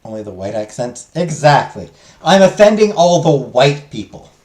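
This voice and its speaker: Joking man with lively voice. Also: mid-range voice, moderate pace. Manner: joking asides, sarcastic. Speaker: let's play host. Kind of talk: casual commentary. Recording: echoey room, faint music.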